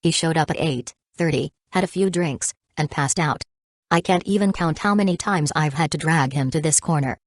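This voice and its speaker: A woman's voice: low voice, moderate pace, no room sound, clean studio sound. A woman reading a chatty male bartender. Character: easygoing male bartender, adult.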